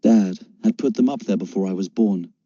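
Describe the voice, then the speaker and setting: A man narrating a story in first person with steady storytelling, in a dull, dry lo-fi recording. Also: on the low side, normal speed, no echo. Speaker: audiobook narrator.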